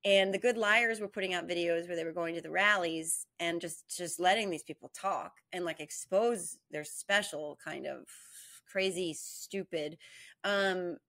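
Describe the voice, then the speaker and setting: A middle-aged woman from New Jersey talks as a guest over a video call, her voice sitting on the lower side. She rambles through animated stories and laughs often as she goes. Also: a little slow. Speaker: guest, comedic video creator. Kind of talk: casual interview chat.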